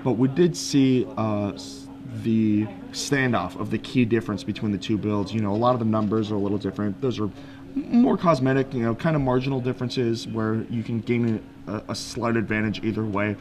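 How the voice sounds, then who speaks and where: A man's voice: fairly low pitch, fairly quick. Analytical male game commentator. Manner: analytical, with frequent fillers and restarts.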